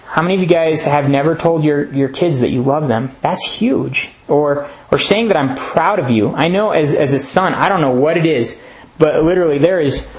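A man's voice: fairly high pitch, rough recording. A young man giving a casual, earnest sermon to a men's retreat, conversational and often laughing. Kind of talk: sermon talk.

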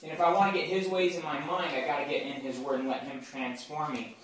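Guy doing a casual bible talk, kinda high voice, far off mic, super echoey room. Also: steady tone, quick pace, fairly bright tone. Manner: informal, keeps checking in with listeners. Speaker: speaker at a campus Bible group. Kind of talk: conversational Bible teaching.

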